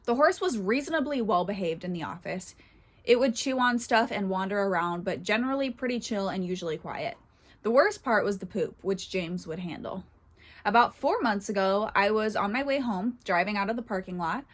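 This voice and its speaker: A woman hosts a casual channel and reads online posts aloud in a conversational way. She breaks into laughter now and then and jumps into animated asides, with her pitch sitting in an ordinary middle range. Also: normal speed. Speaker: horse channel host reading Reddit posts. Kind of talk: casual reading and commentary.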